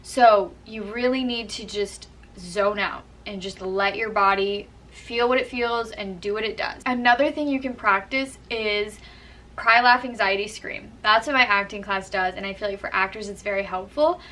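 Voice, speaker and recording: A woman's voice: medium pitch, normal speed, few pauses, sharp tone, far from the mic, poor audio. A young woman vlogger explaining acting tips in a chatty, earnest way, full of "like" and "kind of". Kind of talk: casual how-to talk to camera.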